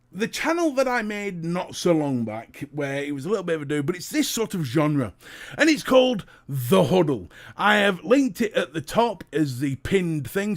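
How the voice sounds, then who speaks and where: A British man hosting a casual livestream, chatting to viewers and reading their comments, jokey and talking straight to the chat. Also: on the high side. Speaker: livestream host.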